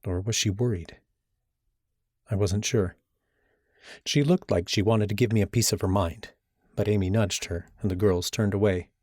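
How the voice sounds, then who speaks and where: A man with a lowish voice reads a first-person novel aloud in an even, steady manner. The sound is close and dry, with no room around it. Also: normal speed, long pauses, dry recording. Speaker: audiobook narrator. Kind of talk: first-person fiction narration.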